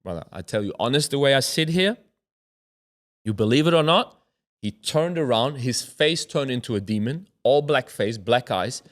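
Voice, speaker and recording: A man's voice: medium pitch, lively intonation, normal speed. A man from Germany, a former footballer, tells a personal story as an interview guest. He acts out other people's voices and drops to a near whisper at the tense moments. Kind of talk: candid storytelling in a sit-down interview.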